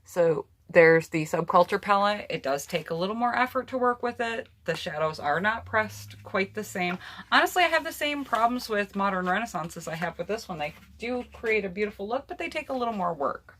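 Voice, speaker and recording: A woman's voice: medium pitch, animated, fairly quick, a bit bright. A woman beauty vlogger chatting casually through her eyeshadow palettes and talking straight to her viewers. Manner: chatty, personal opinions, addresses viewers directly. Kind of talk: casual makeup palette review.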